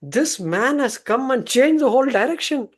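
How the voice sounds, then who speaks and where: A man voicing an astonished old male guru who exclaims in a raised, excited voice. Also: extremely high pitch, normal speed, pitched above the performer's own voice.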